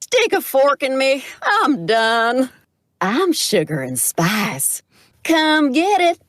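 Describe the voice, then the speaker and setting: A woman speaks in an exaggerated, sweet Southern belle voice with a drawl, pitched above her natural voice. Her delivery sits high with big pitch swings and an unhurried pace. The tone is fairly bright, and the studio recording is clean with no echo.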